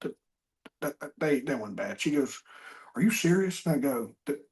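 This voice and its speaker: A middle-aged man hosting an interview, telling stories in a casual, animated way and acting out the dialogue. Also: fairly high pitch, moderate pace. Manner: animated storyteller, acts out quoted dialogue. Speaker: podcast host.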